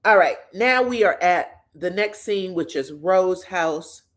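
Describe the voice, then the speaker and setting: Speaking slowly but with animation and a fairly low pitch, a woman comments on pop culture. She recaps reality TV drama in a casual, chatty way, using blunt slang and swearing often.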